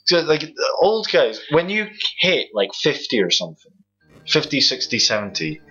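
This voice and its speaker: Teasing Scottish young man, bright tone. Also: fairly high pitch, big pitch swings, moderate pace, husky. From Scotland. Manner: teasing, mock-pompous. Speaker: co-host of a gaming video. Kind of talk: casual banter while playing a game. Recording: dull lo-fi sound with game music.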